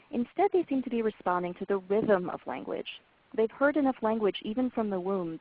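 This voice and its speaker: A woman presenting a parenting webinar, explaining clearly and encouragingly to parents, in a scripted lecture style. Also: on the low side. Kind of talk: scripted lecture on language development. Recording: phone-like narrow band webinar audio.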